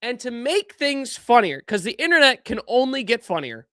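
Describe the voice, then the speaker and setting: A young man hosting a podcast, giving casual political commentary in an animated, incredulous way that keeps trailing off and restarting. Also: very high-pitched, moderate pace, dry recording, studio quality. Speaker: podcast host.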